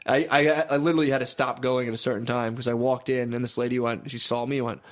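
A young man in casual chat, telling animated stories, swearing often and acting out other people's voices. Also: mid-range voice, quick pace. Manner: animated storytelling, swears a lot, acts out voices.

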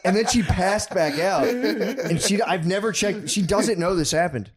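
A man's voice: high-pitched, a little slow, a loud crowd. A man telling casual stories with a lot of profanity. He laughs often and acts out quotes in a raised voice. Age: adult father. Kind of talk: casual storytelling chat.

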